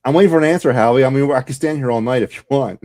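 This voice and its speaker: A man's voice: mid-range voice, rapid-fire, warm tone. Fired-up ranting sports podcast man. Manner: fired-up, sarcastic, rhetorical questions. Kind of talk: fan rant.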